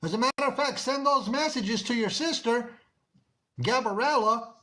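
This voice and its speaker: A man with a Mexican-American accent hosts a livestream and calls people out. He talks in a high register and scolds them insistently, saying the same thing over and over. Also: normal speed, sharp tone. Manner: scolding, insistent, repeats himself. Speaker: livestream host. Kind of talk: confrontational livestream talk.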